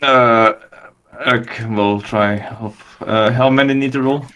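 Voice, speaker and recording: A man's voice: mid-range voice, fairly even intonation, takes it slowly, bright, forceful tone. Joking man at a tabletop game. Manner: joking, wry. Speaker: player. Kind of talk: casual tabletop play.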